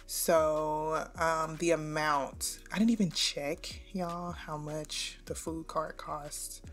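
Female gaming host, lowish voice, chatty casual commentary, faint game music behind. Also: little pitch movement, takes it slowly. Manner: chatty, talks straight to viewers.

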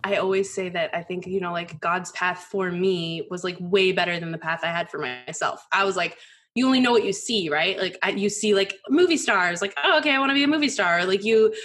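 A woman in her thirties, a poker journalist as guest, telling candid stories in a casual, animated way with many "like" fillers. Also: on the low side, moderate pace. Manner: animated, frequent "like" fillers, mimics voices in quotes. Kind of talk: candid conversational storytelling.

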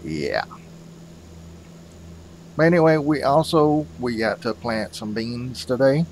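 A man's voice: medium pitch, expressive, takes it slowly, darkish tone, slight background noise, low-quality recording. A man hosting a farming game video, rambling casually and calling his viewers "folks". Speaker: gaming channel host.

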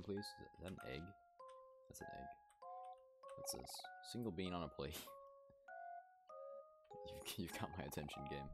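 A man streaming a video game, casually commenting and mumbling item text aloud. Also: rumbling low. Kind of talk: casual let's-play commentary. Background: game soundtrack.

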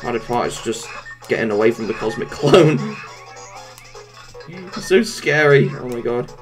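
A woman giving gameplay commentary, exclaiming and reacting loudly to what happens in the game. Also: a bass voice, lively intonation, unhurried, soft background music. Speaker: let's play gamer.

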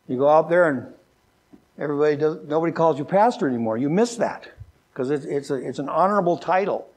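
An older man preaching a sermon as a pastor, folksy and joking, who often repeats words and slows down with a lifted voice when he reads scripture. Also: a little high, a little mellow. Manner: slows down and lifts his voice when reading scripture.

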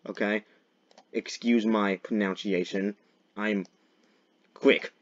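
A man's voice: lowish voice, expressive, measured pace, pauses often, dull audio. Young man doing joking game commentary. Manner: jokey, swings into loud mock-dramatic shouts. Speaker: gaming video creator. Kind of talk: gameplay commentary.

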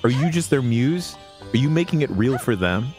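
A man's voice: mid-range voice, sing-song, normal speed, a little mellow, soft background music. A man co-hosting a game playthrough, teasing the others and egging them on into bits. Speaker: co-host of a game stream. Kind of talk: casual playthrough banter.

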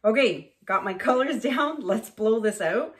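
A middle-aged woman from Canada, painting on camera and telling a story in a casual, animated way, acting out the voices of the people in it. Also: a little high, a little slow. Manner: animated, acts out voices in her stories. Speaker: acrylic pour painter.

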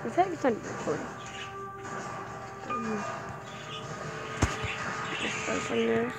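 High-pitched girl gamer yelping and grumbling through a game, talks slow, game music behind. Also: poor audio. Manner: excitable, jumpy, playfully exasperated. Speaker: gaming channel host. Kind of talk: casual game commentary.

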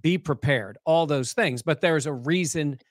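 A man co-hosting a sports talk show, breaking down the game in casual, animated conversation. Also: fairly high pitch, measured pace, dry recording, clean studio sound.

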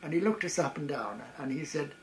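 A man in his eighties, a retired variety performer, reminiscing about wartime in a halting way, with frequent restarts and chuckles. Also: a little high, lively intonation, slight background noise, rough recording. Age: 80s. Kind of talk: reminiscing storytelling.

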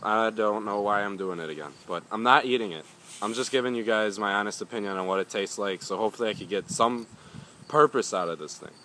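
A man's voice: lowish voice, a little fast, bright, forceful tone, slight background noise. A young man reviewing a hot pepper in a casual vlog, rambling and swearing often as he grumbles.

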